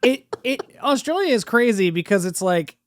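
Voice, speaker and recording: A man's voice: extremely high pitch, very animated, normal speed, noisy background. A man co-hosting a comedy podcast who agrees eagerly and riffs with enthusiasm in casual chat. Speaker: podcast co-host.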